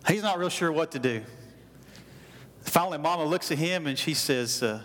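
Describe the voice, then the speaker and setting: High-voiced pastor preaching in a church hall. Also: male voice, normal speed, fairly bright tone. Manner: folksy storytelling, calls for audience response. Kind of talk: sermon. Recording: long hall reverb.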